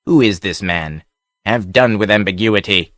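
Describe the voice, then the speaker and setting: A man voicing a hot-tempered buccaneer who speaks slowly with a growl, in an audiobook reading. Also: fairly low pitch, fairly bright tone, no echo, clean studio sound. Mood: snarling. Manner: slow, growling. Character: snarling, hot-tempered male buccaneer leader.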